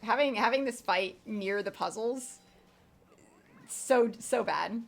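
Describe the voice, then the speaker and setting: A woman's voice: fairly high pitch, takes it slowly, gravelly. A young woman streaming a video game, chatting casually in a rambling way, with lots of fillers and casual swearing. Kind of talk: casual gameplay commentary.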